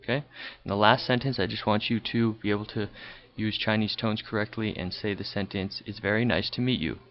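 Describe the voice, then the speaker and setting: A man's voice: on the low side, a little fast. A man teaching a recorded language lesson over slides, explaining patiently and checking in with a frequent "okay". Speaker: high school Chinese teacher. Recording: dull lo-fi recording.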